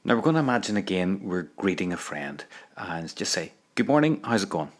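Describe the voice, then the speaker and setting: Guy, lowish voice, walking you through a lesson, patient, keeps asking you to repeat. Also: very animated, a little fast. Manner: patient, prompting the listener to repeat phrases. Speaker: language teacher. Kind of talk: audio language lesson.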